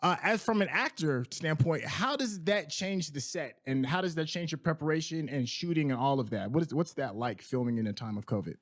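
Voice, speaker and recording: A man's voice: on the high side, brisk, hardly any pauses. A man hosting a casual interview, asking long, thoughtful questions with many restarts. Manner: hesitant, restarts often, thoughtful. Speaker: interview host.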